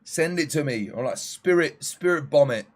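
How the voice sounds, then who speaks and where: After eighteen hours of streaming, a worn-out man keeps chatting casually with his viewers, thanking them by name and joking in a slow, weary drawl. His voice is on the high side, fading but still expressive.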